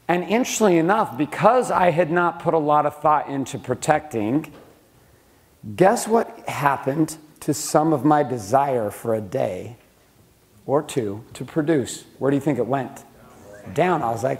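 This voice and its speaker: Blunt, profane middle-aged man, slightly high. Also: animated, normal speed. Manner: blunt, swears freely, asks the room questions. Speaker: speaker teaching a room of men. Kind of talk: profane motivational business talk. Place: room with a live audience.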